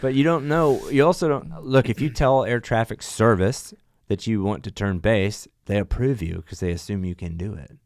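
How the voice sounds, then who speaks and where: A man's voice: lowish voice, moderate pace, few pauses, dry recording, studio quality. A man who flies for an airline, chatting in a podcast and telling emphatic stories about flying. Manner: animated storyteller, emphatic. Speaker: airline pilot guest. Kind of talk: casual podcast chat.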